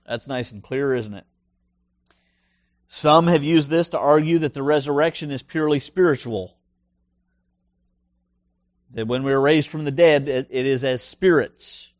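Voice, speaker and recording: A man's voice: mid-range voice, steady tone, moderate pace, long pauses, no room sound, clean studio sound. A male pastor preaching a sermon in an emphatic way, full of rhetorical questions and punchy asides.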